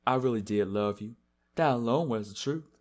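A man's voice: medium pitch, moderate pace, natural voice. A man voicing a smug, manipulative male villain who coaxes and mocks. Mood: coaxing. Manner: mocking, coaxing, laughing.

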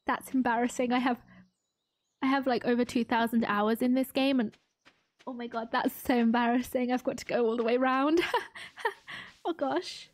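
High-voiced gushing woman streamer. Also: steady tone, moderate pace, long pauses, no echo. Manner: gushing, self-mocking, repeats herself. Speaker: streamer playing a farming game. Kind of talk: excitable live-stream commentary.

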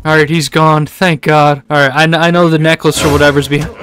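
A man giving live commentary on a video game, excitable, often yelling at what happens on screen. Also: fairly high pitch, brisk, background noise. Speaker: gaming YouTuber.

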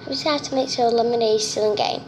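High-voiced chatty young female gamer. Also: quick pace, slight background noise. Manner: chatty and excitable, nervous. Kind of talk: casual gameplay commentary. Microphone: phone screen-recorder mic.

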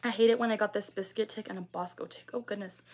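A woman's voice: medium pitch, fairly even intonation, fast talker. A young woman hosting a casual livestream, reading viewer comments and chatting with lots of ums and likes. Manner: chatty, many ums and likes, laughs often. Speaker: livestream host.

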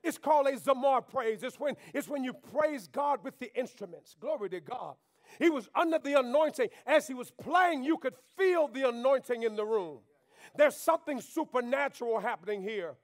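A man preaching a sermon to his church. He calls on the congregation to talk back, rising to shouts and dropping to near whispers. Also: very high-pitched, expressive, normal speed. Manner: preaching with call-and-response, swings between shouting and quiet. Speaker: pastor. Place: church sanctuary.

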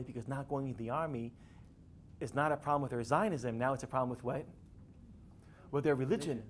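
A man giving a classroom lecture, animated and building to emphatic peaks. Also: medium pitch, normal speed, a little hiss or hum.

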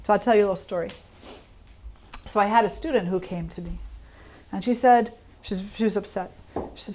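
Woman yoga teacher, informal talk, calm and reflective, often asks questions. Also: mid-range voice, fairly quick, long pauses.

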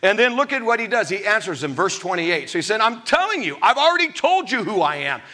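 High-pitched, animated male preacher. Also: a little fast. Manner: animated preaching, acting out scripture voices with laughs. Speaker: pastor. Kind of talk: sermon.

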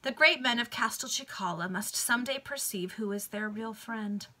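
A woman's voice: a little high, moderate pace, sharp tone. A woman reading the lines of a solemn, anxious noble countess in a book read aloud over a video call.

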